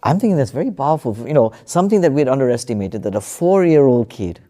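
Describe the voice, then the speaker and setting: A man's voice: medium pitch, sing-song, quick pace, mellow. A man telling a true story as a podcast guest, hesitant, with many fillers and restarts. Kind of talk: casual storytelling in conversation.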